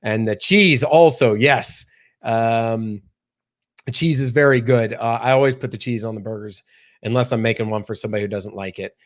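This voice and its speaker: A man's voice: medium pitch, normal speed. A man hosting a casual livestream, chatting with viewers and reading out the news with lots of fillers. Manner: chatty, reads viewer comments aloud, many fillers. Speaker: livestream host. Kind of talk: casual live-stream chat and news reading.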